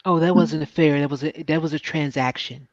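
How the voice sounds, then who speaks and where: A man's voice: fairly high pitch, steady tone, fast, no room sound, close to an everyday voice. A man doing a comedic impression of an evasive, boastful former president who rambles and dodges questions. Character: boastful evasive male ex-president, middle-aged. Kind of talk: comedic political impression on a livestream. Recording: dry, dull lo-fi stream audio.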